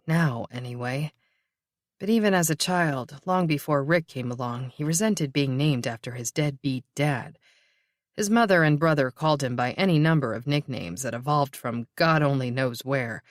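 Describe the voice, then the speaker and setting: Measured audiobook narrator. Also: medium pitch, lively intonation, no echo, studio quality.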